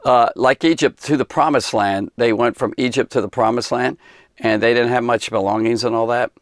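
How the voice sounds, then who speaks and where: A man's voice: mid-range voice, fairly even intonation, moderate pace, dry recording, studio quality. A man giving a casual Bible lesson for kids, rambling and conversational with many fillers and restarts. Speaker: Bible teacher.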